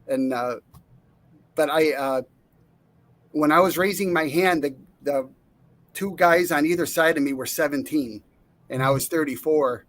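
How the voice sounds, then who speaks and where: Brief: middle-aged male storyteller, slightly higher voice, lots of "uh" and restarts, acts out quotes. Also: a little slow, pauses often, a bit bright. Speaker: interview guest, Navy veteran. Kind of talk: casual storytelling.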